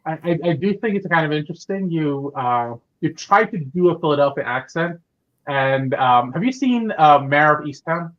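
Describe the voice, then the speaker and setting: A man's voice: a little high, animated, moderate pace, lo-fi sound. A man hosting a casual interview podcast, talking in an upbeat way with many fillers and restarts. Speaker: podcast host.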